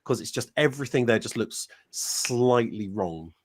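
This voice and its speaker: A man on a stream panel who talks in a mid-pitched, everyday voice. He explains things earnestly and at length. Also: expressive, moderate pace. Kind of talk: casual chat.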